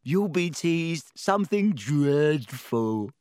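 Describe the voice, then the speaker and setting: A man's voice: a little high, lively intonation, a little mellow, clear, resonant tone, no room sound, clean studio sound, voice pushed up. A man doing a gloating ghost girl. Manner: slow, gloating drawl. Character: gleeful girl ghost, mocking and drawn-out.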